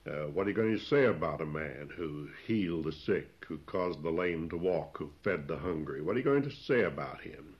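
Low-voiced male preacher, plain and deliberate, pauses often, on a muffled old recording. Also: lively intonation. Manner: plain-spoken, explains old scripture wording, frequent "uh" pauses. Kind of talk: expository sermon. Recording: dull lo-fi recording.

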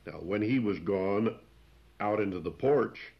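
Low-voiced male preacher, plain and deliberate, pauses often, on a muffled old recording. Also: expressive, vocal fry. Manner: plain-spoken, explains old scripture wording, frequent "uh" pauses. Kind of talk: expository sermon. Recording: dull lo-fi recording.

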